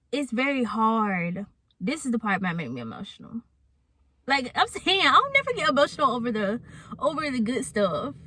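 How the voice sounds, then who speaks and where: A woman's voice: a little high, fairly bright tone, dry recording. A young adult woman telling a personal story in a casual, candid vlog, chatting straight to her viewers. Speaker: vlogger.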